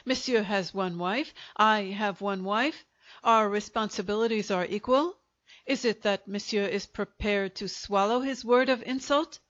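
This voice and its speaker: A woman's voice: mid-range voice, a little slow, a bit bright, muffled recording, natural voice. A woman doing a raging little French apothecary. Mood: outraged. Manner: ranting, indignant. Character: furious small male French apothecary.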